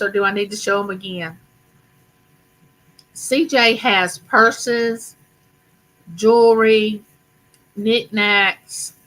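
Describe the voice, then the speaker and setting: A woman's voice: medium pitch, sharp tone, poor audio. Chatty older woman. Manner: chatty, affectionate, talks to viewers directly. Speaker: live stream host. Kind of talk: casual live chat.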